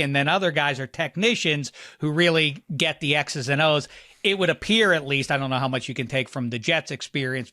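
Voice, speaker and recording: A man with a bright, sharp voice co-hosting a sports podcast. He talks in an animated way, riffing with asides and jokes. The sound is dry and close to the mic. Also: fairly high pitch, no echo. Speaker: podcast co-host. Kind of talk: casual sports chat.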